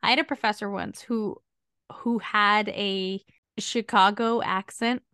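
A woman's voice: medium pitch, a little slow, clean tone, dry recording, clean studio sound. A woman from the United States co-hosting a podcast, chatting casually and making emphatic asides. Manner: animated and emphatic, asides with "okay?". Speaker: podcast co-host. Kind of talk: casual chat.

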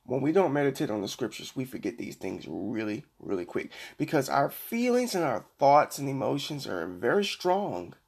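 A middle-aged man hosting a Christian devotional podcast, preaching earnestly and slowing down to read scripture. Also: mid-range voice, darkish tone, husky. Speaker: podcast host.

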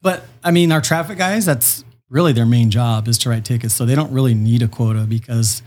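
A man who is a police officer, speaking as a guest in a mid-range voice. He explains procedure in a measured, patient way and pauses often to find his words. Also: medium pitch, a little mellow. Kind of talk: interview answers.

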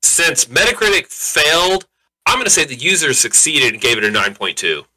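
A bright, sharp-toned man co-hosts a casual movie podcast. His pitch moves all over the place as he reacts with excitement and laughs often. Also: rough recording. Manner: excitable, laughs often, slips into quick mock voices. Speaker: podcast co-host. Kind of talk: casual movie review chat.

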